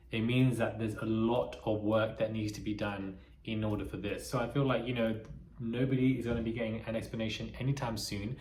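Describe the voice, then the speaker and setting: A man's voice: on the low side, a little mellow, slight background noise. Chatty opinionated man in an echoey room. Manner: chatty, opinionated, breaks into laughter. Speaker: commentary host. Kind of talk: casual reality-TV commentary.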